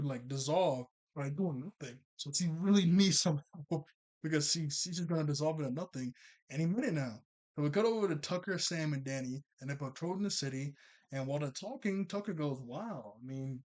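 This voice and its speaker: A man casually recapping a cartoon episode, rambling and chatty, full of filler words and quick self-corrections. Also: a little high.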